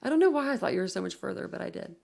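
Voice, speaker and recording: A woman's voice: fairly low pitch, animated, rapid-fire, creaky, darkish tone. A woman hosting a casual livestream, rambling and chatting while reading viewer comments aloud. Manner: rambling, chatty, many fillers and self-corrections. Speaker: livestream host.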